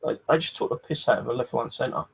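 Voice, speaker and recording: Husky rambling man. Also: mid-range voice, lively intonation, quick pace. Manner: rambling, sweary, lots of fillers. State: hot and thirsty. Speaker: vlogger. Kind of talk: casual rambling chat.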